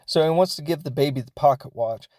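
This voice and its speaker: A man's voice: a little high, fast, darkish tone, no room sound. Chatty rambling man recapping a film. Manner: rambling and chatty, many fillers; laughs as he talks. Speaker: podcast host.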